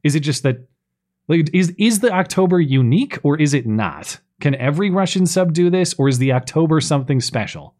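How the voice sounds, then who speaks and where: A man's voice: on the high side, a little fast. A man hosting a podcast, chatting casually and sarcastically as he picks apart a film. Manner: chatty, sarcastic, animated complaining. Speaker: podcast host. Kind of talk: casual chat reviewing a film.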